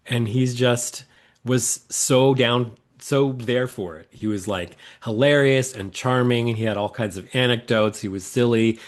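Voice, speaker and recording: A man, a fan guest, recalling a meeting in a casual, enthusiastic interview, rambling with many fillers. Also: lowish voice.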